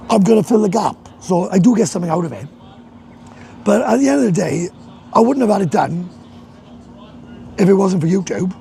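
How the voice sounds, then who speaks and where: A man's voice: high-pitched, creaky, mellow, a little hiss or hum. A Welsh man chatting on a casual live stream from a bar, rambling and swearing, laughing often. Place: bar in a hot tourist town.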